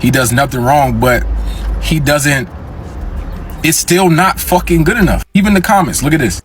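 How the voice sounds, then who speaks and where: A man's voice: on the high side, normal speed, a bit bright, slight background noise. A man in a response video, blunt and angry, swearing heavily.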